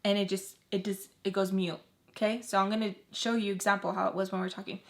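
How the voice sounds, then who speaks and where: A young woman tells a personal story straight to camera in a casual vlog. She talks in slang, keeps a mid-pitched voice and acts out the lines of the people in her story. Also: fast talker, vocal fry. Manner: animated, slangy, acts out quotes of others.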